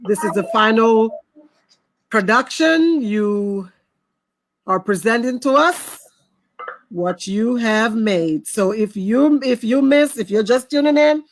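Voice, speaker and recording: A woman's voice: fairly high pitch, animated, takes it slowly. A woman co-hosting a live cooking stream, praising the chef and recapping for viewers who are just tuning in. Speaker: co-host of a cooking show.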